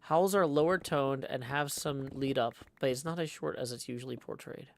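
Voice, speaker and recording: Male streamer host, live-stream chat, mid-pitched, rambling and playful, musing out loud between viewer messages. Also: normal speed, slight background noise. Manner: playful, rambling, thinks aloud; reads viewer messages aloud.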